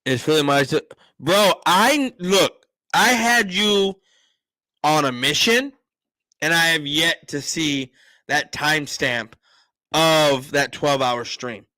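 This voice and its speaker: A man's voice: fairly high pitch, lively intonation, slow, bright, forceful tone, no room sound. A man on a casual livestream, telling a family story bluntly and frankly, acting out the dialogue. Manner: self-described attitude, frank and profane. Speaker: show host.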